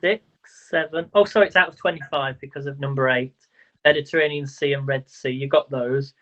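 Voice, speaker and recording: A man's voice: mid-range voice, steady tone, a little fast, fairly bright tone. Male livestream quiz host, chatty, trips over words, muffled lo-fi sound. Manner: chatty, stumbles over words, counts aloud. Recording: dull lo-fi livestream audio.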